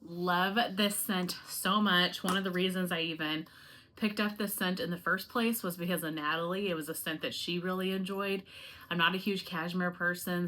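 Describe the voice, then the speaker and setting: Bright-voiced chatty woman vlogger. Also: fairly low pitch. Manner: friendly, rambling, talks to viewers directly. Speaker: home fragrance YouTuber. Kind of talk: casual chatty review vlog.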